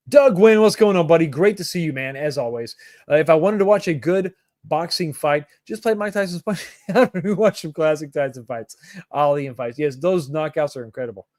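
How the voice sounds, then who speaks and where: A man's voice: fairly high pitch, expressive, normal speed, a little mellow, no echo, clean studio sound. A middle-aged man hosting a livestream, casually chatting and joking while greeting viewers by name. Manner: laid-back, jokey, greets viewers by name. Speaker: livestream host reading chat. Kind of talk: casual chat.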